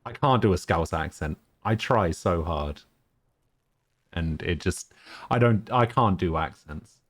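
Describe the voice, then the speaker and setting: Man, live game streamer, very deep voice, casual chat, joking. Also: lively intonation, unhurried, no room sound. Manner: joking, self-mocking, laughs often.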